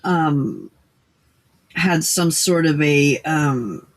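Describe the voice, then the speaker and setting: A woman's voice: sits low, lively intonation, very slow. An older woman hosting a casual late-night crafting livestream, rambling with many fillers and restarts.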